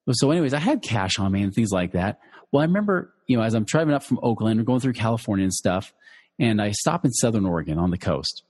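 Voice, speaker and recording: Husky low-voiced man telling a story. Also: lively intonation, quick pace, a little mellow, big-room sound. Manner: conversational, many fillers and restarts. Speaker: financial educator. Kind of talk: personal storytelling to listeners.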